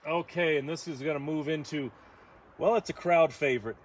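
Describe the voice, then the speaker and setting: A man's voice: on the high side, moderate pace, slight background noise. Playful man guiding a yoga class. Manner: playful, joking asides between instructions. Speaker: yoga instructor. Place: outdoor deck on a windy morning.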